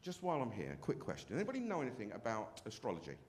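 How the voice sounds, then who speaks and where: A man's voice: mid-range voice, huge pitch swings, rapid-fire, a little mellow. A man performing a brash, self-mocking stand-up comedy set on a club stage.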